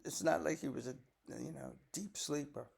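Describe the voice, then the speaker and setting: Gravelly older grandfather reading scripture. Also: on the high side, moderate pace. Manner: folksy, chatty asides. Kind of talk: bible reading with casual commentary.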